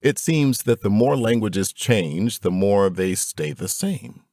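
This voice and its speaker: A man reading a fatherly advice book aloud in a deliberate, instructive way, speaking to his son. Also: on the low side, lively intonation, darkish tone, dry recording, studio quality. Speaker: narrator.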